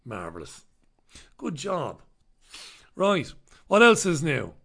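A man's voice: fairly high pitch, wildly swooping pitch, slow, gravelly, bright, forceful tone, husky. Sardonic, sweary Irish man. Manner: sardonic and sweary, greeting viewers. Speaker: livestream host. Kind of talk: casual live-stream chat.

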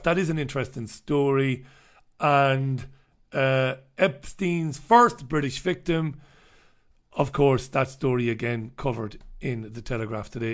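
A man hosting a live stream, running through newspaper stories and viewer comments with sardonic, rambling asides. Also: on the high side. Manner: sardonic, wry asides and scoffing; loose, rambling delivery with repetitions. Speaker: livestream host reviewing newspapers and viewer comments.

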